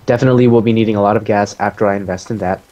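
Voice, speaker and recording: A man casually explaining his own strategy game match as he plays it, relaxed, with many fillers. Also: fairly low pitch, rapid-fire.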